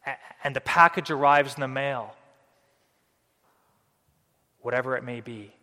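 A man's voice: medium pitch, fairly even intonation, unhurried, bright, forceful tone. A man preaches an earnest sermon, explaining scripture with a voice that swells and drops for emphasis. His mid-range voice rings out with a long reverb that fills the hall around him. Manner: earnest preaching, rising and falling dynamically. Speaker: pastor.

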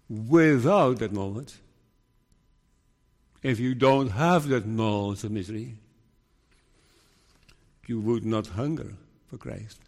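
A man preaching a sermon in a slow, earnest way, sometimes voicing the worries of troubled believers. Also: mid-range voice. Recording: long reverb of a hall.

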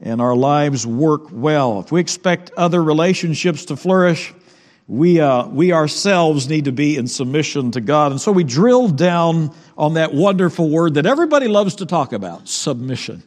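A man pastor with a fairly high voice preaches a Sunday sermon in a conversational, unhurried way, dropping in fillers and repeated words. His voice carries a long, ringing church reverb. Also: lively intonation, a little mellow. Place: church sanctuary.

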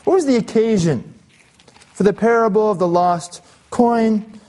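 A male pastor preaching an expository sermon, reading scripture aloud and slowing down to stress key phrases. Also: high voice, dark tone.

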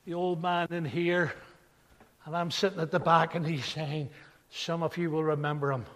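A man's voice: fairly high pitch, flat delivery, normal speed, fairly bright tone. An older man preaching a sermon, telling stories in a conversational way and building to emphatic points. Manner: conversational storytelling, then rising to emphatic. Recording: long hall reverb.

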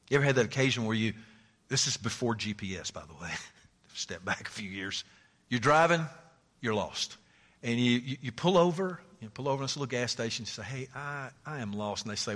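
A male pastor preaching a sermon, moving from loud, climbing declarations to hushed near-whispers and folksy stories. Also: medium pitch, expressive, normal speed, long reverb tail.

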